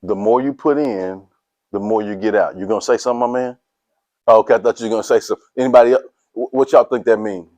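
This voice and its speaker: Energetic middle-aged man giving a pep talk. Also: lowish voice, quick pace, no room sound. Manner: energetic, casual slang, quizzes listeners, laughs often. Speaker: motivational speaker. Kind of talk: motivational talk to a sports team.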